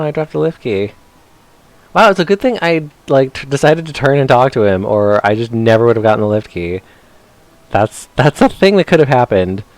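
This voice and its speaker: A man talks through a retro game on stream in a loose, chatty way, joking at his own expense and talking to the characters as he plays. His voice sits at an ordinary middle pitch. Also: no echo. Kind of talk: casual let's-play commentary.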